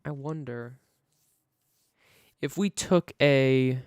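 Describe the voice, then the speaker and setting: A man's voice: mid-range voice, extremely slow, darkish tone, clear, resonant tone, no room sound, clean studio sound. A man live-streaming a building game, chatting casually and thinking aloud to himself as he works.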